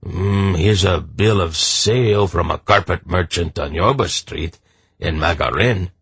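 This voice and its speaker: A man's voice: low voice, a little slow, fairly bright tone, slightly rough, no room sound, exaggerated voice. A man voicing a rangy, easygoing merchant who talks in an offhand, chatty way. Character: rangy, easygoing male merchant, shrewd and talkative.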